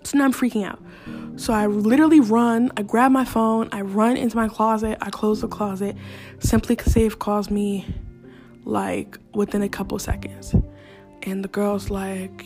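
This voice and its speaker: A young woman hosting a podcast, telling a scary story in a casual, animated, profane way, talking straight to her listeners. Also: medium pitch, normal speed, faint music behind. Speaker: podcast host.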